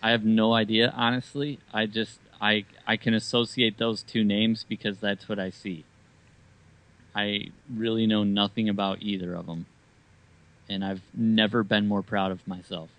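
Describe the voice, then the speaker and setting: A man's voice: on the low side, little pitch movement, normal speed, fairly bright tone, poor audio. A man in casual podcast chat, trading dry, wry jokes.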